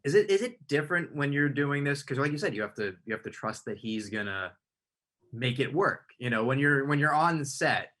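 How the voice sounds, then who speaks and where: A man's voice: medium pitch, expressive, normal speed, bright, forceful tone. A man interviewing a guest, asking long, rambling questions with frequent restarts. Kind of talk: conversational interview.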